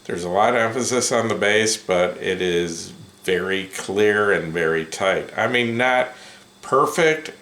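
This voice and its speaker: A man giving a casual first-impressions review of headphones, unhurried and full of ums and self-corrections. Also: on the low side, expressive, fairly bright tone. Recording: roomy echo.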